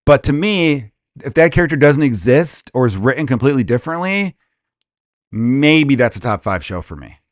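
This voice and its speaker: A man hosting a comedy podcast, ranting casually in a crude, profane, animated way and slipping into quick impressions. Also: medium pitch, dry recording, studio quality.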